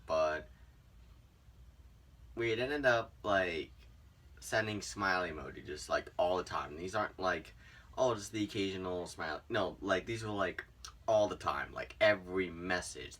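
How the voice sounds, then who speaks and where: Low-voiced young man rambling through a story. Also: moderate pace, far from the mic. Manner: rambling, many "like" and "um" fillers, lively swings in loudness. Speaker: vlogger. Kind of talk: casual storytelling.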